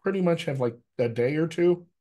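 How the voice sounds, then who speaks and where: A middle-aged man leads an accent workshop for actors, his voice sitting a little high for a man. He talks to the group directly and lively, tagging his points with quick questions. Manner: lively, addresses the group directly, frequent "right?" tags. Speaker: dialect coach. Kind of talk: energetic workshop talk.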